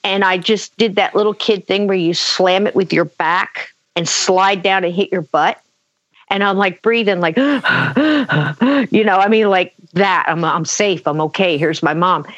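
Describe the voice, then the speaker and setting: A woman telling a personal story in conversation, animated, acting out quotes, with many fillers. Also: on the low side, moderate pace, no echo. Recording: dull lo-fi dry sound.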